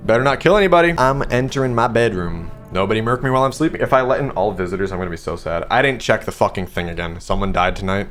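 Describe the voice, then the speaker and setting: A man's voice: lowish voice, animated, quick pace, hardly any pauses, fairly bright tone, soft background music. A man giving joking, crude, slang-filled commentary while playing a game. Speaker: streamer. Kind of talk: gameplay commentary.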